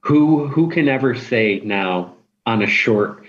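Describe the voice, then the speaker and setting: A middle-aged man speaks as a podcast guest and rambles, stumbling and restarting his sentences. His pitch sits mid-range. The audio is dull and lo-fi. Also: animated, slow. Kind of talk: casual chat.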